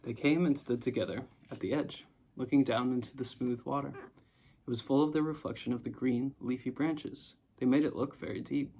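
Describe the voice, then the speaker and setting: A man reads a storybook aloud in a calm, measured way. His voice has a noticeably gravelly grain. His pitch sits in the ordinary middle range for a man. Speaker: audiobook narrator. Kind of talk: storybook narration.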